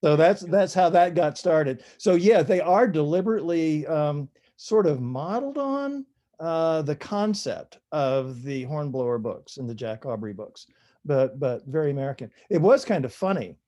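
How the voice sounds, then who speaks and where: An older man speaks as an author guest, his voice dark and mellow. He rambles through anecdotes in a relaxed way, full of small fillers and restarts. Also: on the high side, moderate pace. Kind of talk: conversational interview storytelling.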